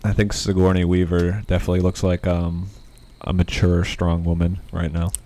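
A man's voice: low voice, completely flat delivery, moderate pace, warm tone. A man co-hosting a podcast, laid-back and casual, swearing and saying "like" a lot. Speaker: podcast co-host.

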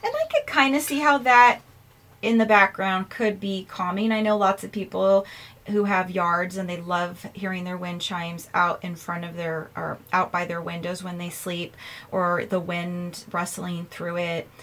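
A woman's voice: lowish voice, a little slow, fairly bright tone. A woman hosting her own podcast in a casual, chatty way, self-mocking and laughing often as she records herself. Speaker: podcast host. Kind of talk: casual chat. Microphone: earphones in, recording herself.

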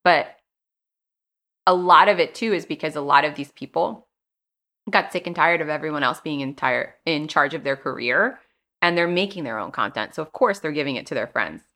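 A young adult woman speaks as a guest in a relaxed interview, telling her stories in a chatty, animated way. Her voice sits low, and she slips into other people's words as she recounts things. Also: moderate pace. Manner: chatty, animated storytelling with acted-out quotes. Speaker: actress guest. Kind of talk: casual interview chat.

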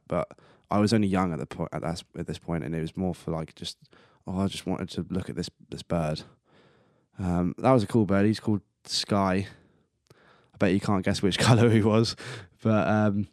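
A man's voice: low voice, a little mellow, no echo, studio quality. A man hosting a casual solo podcast, rambling and chatty, swearing casually and laughing at himself. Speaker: podcast host.

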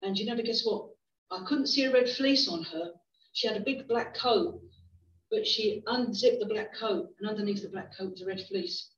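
A chatty middle-aged woman, visiting to preach, shares stories in a sermon and keeps restarting her thoughts. Her mid-range voice moves at a moderate pace, and the distant, roomy, dull church hall recording carries a little hiss or hum.

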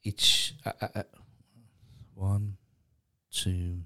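A man sharing his own story on a podcast, hesitant and halting with frequent pauses. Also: sits low, flat delivery, bright, forceful tone. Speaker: podcast co-host. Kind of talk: casual personal testimony.

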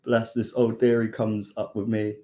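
A young British man, a chef, casually telling a lively story and acting out the voices of the people in it. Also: fairly low pitch, moderate pace. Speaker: chef and podcast guest.

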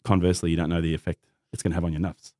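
A middle-aged Australian man, a guest on a podcast, tells a personal story in casual chat, acting out the voices of the people in it. His voice sits low and he talks very fast, animated and laughing often.

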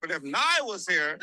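Co-host, male, high and very bright voice, animated storyteller who plays out every quote. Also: dry recording, poor audio. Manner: animated, laughing, acts out quotes. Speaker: podcast co-host. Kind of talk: casual storytelling.

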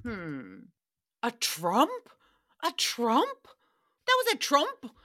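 A woman's voice: on the high side, wildly swooping pitch, very slow, bright, forceful tone. A woman hosting a podcast, chatting casually and jumping between tangents, with frequent swearing. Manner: chatty, tangent-prone, profane. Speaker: podcast host. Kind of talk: casual recap chat.

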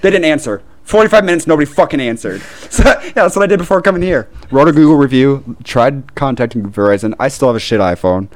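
A man with a Midwestern American accent, telling a long story as a podcast co-host in a casual chat, animated and full of swearing and laughs. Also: mid-range voice, quick pace, hardly any pauses. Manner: animated, profane ranting with frequent laughs.

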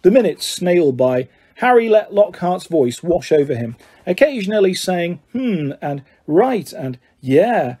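A man narrating a storybook in a steady, even storytelling manner. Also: high voice, moderate pace. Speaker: audiobook narrator.

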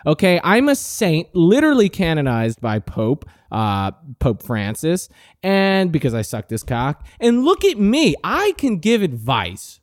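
A podcast host in his late teens delivers a brash, profane, mock-arrogant comic rant as a monologue. His voice is a little high with wildly swooping pitch, yet his pace stays measured. The studio-quality audio has no room sound.

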